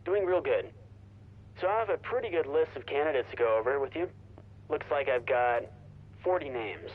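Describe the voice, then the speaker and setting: An actor voicing a friendly but uneasy recruiter in game dialogue. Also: male voice, medium pitch, animated, normal speed, phone-quality sound, natural voice. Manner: hesitant, friendly.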